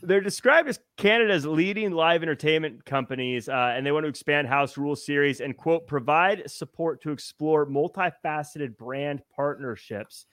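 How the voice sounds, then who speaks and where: A man's voice: fairly high pitch, moderate pace, few pauses, no echo, studio quality. A man hosting a wrestling podcast, reading news items and putting questions to his co-hosts. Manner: lively, guides the discussion with questions. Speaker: podcast host.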